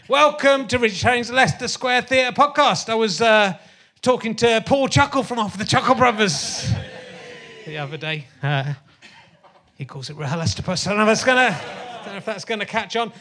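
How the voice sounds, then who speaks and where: Man, middle-aged, comedy podcast host, high-pitched, rambling, sardonic, crude, live theatre stage. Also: sharp tone. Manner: rambling, sardonic, crude asides, many fillers. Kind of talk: live stand-up style podcast chat.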